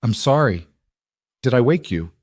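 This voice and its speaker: Guy doing a soft teary mom voice, worn out, dry audiobook sound. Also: mid-range voice, expressive, measured pace, no echo, pitched above the performer's own voice. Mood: apologetic. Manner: soft, choked with tears. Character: exhausted woman fleeing with her daughter.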